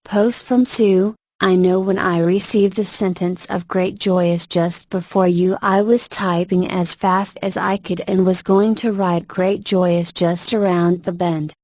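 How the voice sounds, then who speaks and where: A woman reading prophetic religious messages aloud in a slow, measured, even devotional manner. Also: lowish voice, dry recording.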